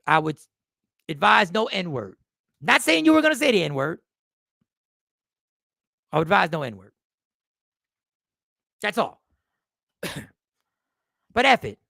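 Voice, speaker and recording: A man's voice: very high voice, vocal fry, a bit bright, dry recording, studio quality. A man hosting a casual livestream, talking animatedly to viewers and greeting them by name, repeating himself often. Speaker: livestream host.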